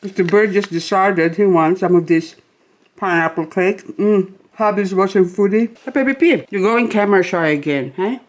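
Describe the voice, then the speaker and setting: A woman's voice: mid-range voice, moderate pace. A woman vlogger at home, talking casually and rambling, often laughing as she chats. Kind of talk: casual chatty vlog. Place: at home indoors.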